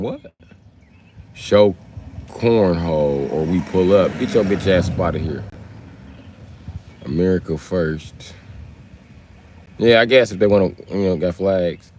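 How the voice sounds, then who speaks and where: A man's voice: low voice, lively intonation, slow, pauses often, a little mellow. A man ranting on a casual livestream, profane and confrontational, heckling his viewers.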